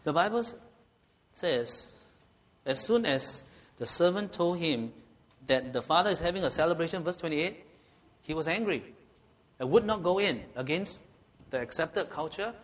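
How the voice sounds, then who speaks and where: A man's voice: a little high, lively intonation, moderate pace, pauses often. Questioning man preaching a sermon. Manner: rhetorical questions with frequent "okay?" check-ins.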